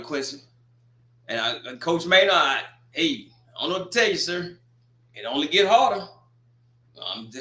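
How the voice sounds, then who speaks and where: Male sports commentator, casual and animated, slightly high voice. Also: echoey room. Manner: animated, exclaiming and joking. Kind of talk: casual football recap.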